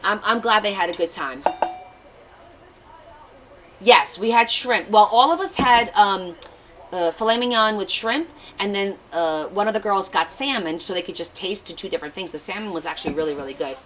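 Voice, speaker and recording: On her craft livestream, a woman of Portuguese family background tells stories and chats casually as she works, reading viewer comments out loud. Her medium-pitched voice is expressive and fairly bright at a normal speed. The low-quality recording carries a little hiss or hum.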